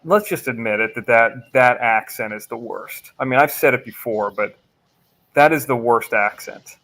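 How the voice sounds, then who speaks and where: A man co-hosts a casual livestream show at an everyday middle pitch. He rambles and leans hard on fillers, giving blunt opinions as he goes. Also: normal speed, a bit bright. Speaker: livestream co-host. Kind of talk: casual chat.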